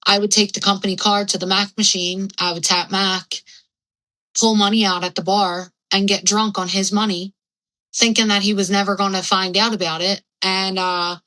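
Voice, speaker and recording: A woman's voice: medium pitch, level tone, moderate pace, bright, forceful tone, low-quality recording. A young adult woman telling her own story candidly as a podcast guest, rambling and frank with lots of fillers and swearing.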